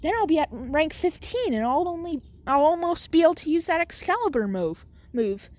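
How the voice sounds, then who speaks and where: A woman voicing an earnest, excitable teenage boy hero who reacts with wide-eyed, eager exclamations. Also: high voice, moderate pace, pitched above the performer's own voice.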